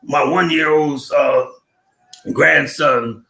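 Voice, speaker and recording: An older man hosting a live stream, chatting in slang, telling a comic story and giving shout-outs to his viewers. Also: on the high side, fairly even intonation, drawn-out words, creaky, reverberant. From Buffalo, New York.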